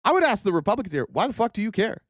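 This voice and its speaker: A man's voice: high-pitched, big pitch swings, rapid-fire, dry recording, clean studio sound. A man hosting casual political commentary, sarcastic and profane, often mocking his opponents in mock voices.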